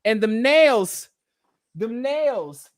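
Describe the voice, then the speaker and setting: A man's voice: very high-pitched, lively intonation, very slow. A man hosting a podcast interview, teasing and roasting his guest with lots of laughter. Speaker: podcast host. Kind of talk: casual interview banter.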